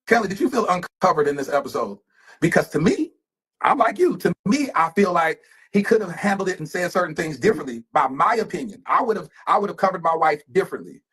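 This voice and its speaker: A man's voice: high voice, a bit bright, husky. A man telling a story in conversational podcast talk, quoting others as he goes.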